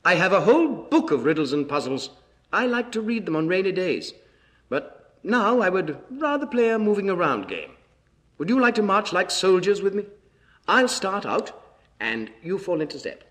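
A man's voice: sits high, big pitch swings, normal speed, fairly bright tone. A man presenting for children, singing and reciting nursery rhymes in a playful, coaxing sing-song. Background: music.

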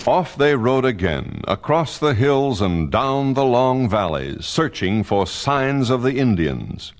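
A man narrating a frontier tale in a steady, vivid storytelling voice. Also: medium pitch, slow pace.

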